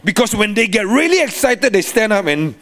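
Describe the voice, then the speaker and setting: A man preaching a sermon as a guest preacher, animated, with sing-song cadences and frequent laughter. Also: sits high, fairly quick.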